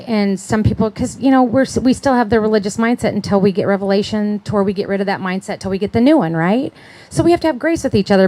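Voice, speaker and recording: A woman's voice: medium pitch, darkish tone, no room sound. Chatty woman preaching at a conference. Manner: chatty, checks in with the crowd, laughs often. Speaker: conference speaker. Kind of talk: conversational sermon.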